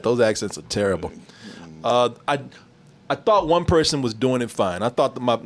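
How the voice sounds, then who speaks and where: Animated, laughing man talking movies. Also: mid-range voice. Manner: profane, laughing, animated storytelling. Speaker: podcast co-host. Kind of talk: casual movie review chat.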